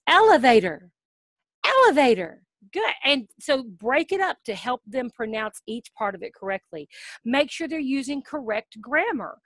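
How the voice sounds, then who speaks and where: A middle-aged woman with a fairly high voice talks straight to camera, coaching would-be online English teachers in an upbeat, practical way. She keeps checking in with "okay?", and when she models a word she slows into a drawn-out, exaggerated teacher voice. The sound is close and dry, with no room around it. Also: expressive, fairly bright tone, no echo. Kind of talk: casual instructional talk to camera.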